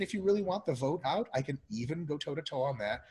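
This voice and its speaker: A man's voice: mid-range voice, quick pace, hardly any pauses, rough recording. A man from Russia, a podcast guest, talking bluntly and with plenty of swearing and filler words in a casual conversation. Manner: animated, blunt and profane, with lots of filler words.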